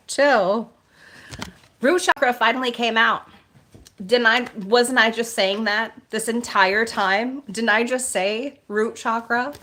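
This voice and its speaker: A woman reading oracle card messages on a live stream and chatting with viewers, soft-spoken and meandering, with plenty of filler words. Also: medium pitch, a little hiss or hum. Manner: reads card messages aloud in a gentle measured tone.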